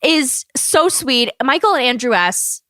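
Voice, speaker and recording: A woman's voice: sits high, a little slow, no room sound, clean studio sound. A woman guesting on a podcast, chatting casually and expressively, often laughing. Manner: expressive, laughing, quotes people in voices. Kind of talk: casual pop-culture chat.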